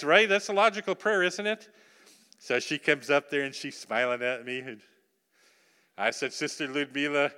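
A man preaching in a church sanctuary, his voice bright and ringing with a smooth, resonant clarity. He tells his story with animated emphasis and turns to the congregation with questions. A long reverb trails behind every phrase. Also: fairly high pitch, normal speed. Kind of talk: sermon with personal storytelling.

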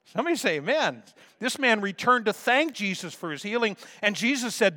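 A man preaching a sermon as a pastor, swinging from soft asides to loud emphatic calls. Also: very high-pitched, animated, moderate pace, few pauses, in a large hall.

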